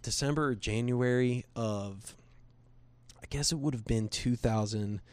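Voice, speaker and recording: A man's voice: medium pitch, unhurried, no room sound. A man earnestly telling a personal faith story in casual conversation, rambling with restarts and slipping into quoted voices.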